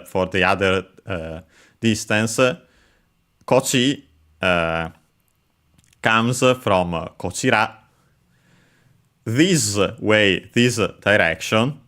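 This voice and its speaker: A man teaching Japanese vocabulary while playing a game, explaining carefully in halting phrases full of pauses and fillers. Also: on the low side, pushed and bright, clear, resonant tone. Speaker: language teacher.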